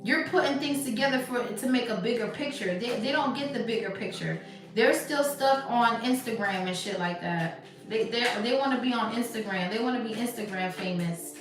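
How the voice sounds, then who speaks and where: A tarot reader with a voice on the high side does a live reading in casual, slangy chat. She's animated and emphatic, sometimes swinging into soft, hushed stretches. Her voice sounds distant in an echoey room, with background music playing.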